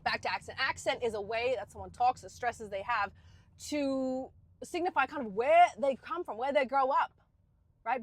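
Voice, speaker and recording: A high-voiced woman with a mixed, partly Australian accent chats to camera. Her talk is playful and self-mocking. A faint hum sits behind her. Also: moderate pace. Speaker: vlogger. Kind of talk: casual chat to camera.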